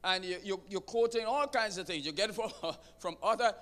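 A man preaching a sermon, emphatic and dramatic, with pauses for effect. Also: high-pitched, bright, forceful tone. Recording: long reverb of a large hall.

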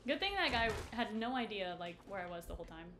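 A woman's voice: mid-range voice, lively intonation, quick pace, pushed and bright. A young woman streaming a game, chatting playfully and teasing her viewers. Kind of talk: casual gaming stream chat. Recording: noisy gaming stream audio.

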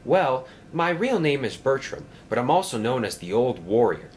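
A man's voice: mid-range voice, big pitch swings, moderate pace, a little hiss or hum, pitched above the performer's own voice, lightly acted. A man voicing an eager, shy old male narrow-gauge engine, speaking in a raised, wide-eyed voice.

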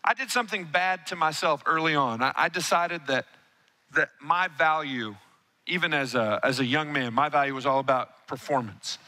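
Male pastor, middle-aged, high and very bright voice; animated storytelling sermon with call-and-response. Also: normal speed. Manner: animated, storytelling, calls on the congregation.

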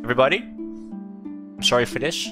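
A young man, not a native English speaker, giving casual, excitable let's-play commentary, laughing often and swearing. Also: mid-range voice, normal speed, music in the background. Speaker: streamer playing a game.

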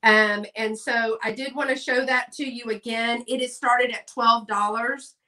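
Folksy woman host, bright and a little high, recorded a bit off-mic. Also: fairly even intonation, unhurried, distant mic. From Texas. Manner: chatty, folksy, talks to viewers in chat. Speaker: live sale host. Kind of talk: casual live-stream selling chat.

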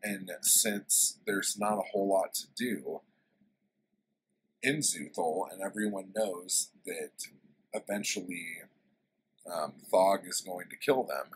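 A man's voice: low-pitched, slow, a little hiss or hum, poor audio. A man casually retelling a favorite story in a book review, rambling and swearing with lots of fillers.

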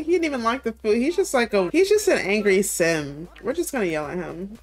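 Young woman, casual let's-play host, playful and chatty, mid-pitched. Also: very animated, brisk, soft background music. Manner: chatty, playful, laughs often. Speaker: gaming creator. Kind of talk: casual game commentary.

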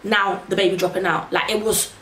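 A young woman telling a personal story to camera in a casual, animated way, acting out what people said. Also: mid-range voice, fairly quick. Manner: animated, acts out quotes in raised voices. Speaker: vlogger. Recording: echoey room, faint noise.

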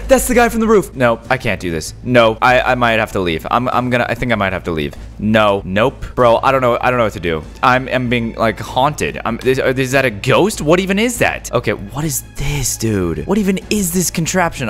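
A young man narrating a video game to his viewers in casual slang, jumpy and excitable, gasping and yelling when startled. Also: mid-range voice. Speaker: gaming YouTuber. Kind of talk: gameplay commentary.

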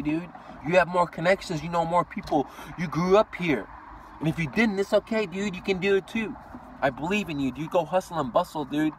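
Recorded on a far-off mic with some background noise, this Iranian man, a vlogger who owns a business, speaks in a high-sitting voice. His motivational rant is blunt and full of swearing, with "dude" tacked on again and again.

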